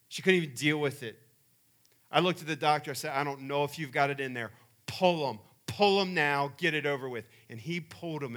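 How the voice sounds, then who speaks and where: Bright-voiced animated male preacher. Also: a little high. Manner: animated storyteller, rising to loud emphatic peaks. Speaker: pastor. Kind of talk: sermon with personal stories.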